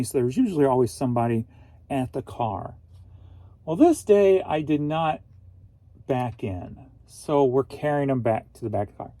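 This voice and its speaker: A man's voice: mid-range voice, mellow, dry recording. A middle-aged man from St Louis, Missouri, an online reseller, telling stories in a casual, joking vlog monologue. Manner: storytelling, offhand and joking.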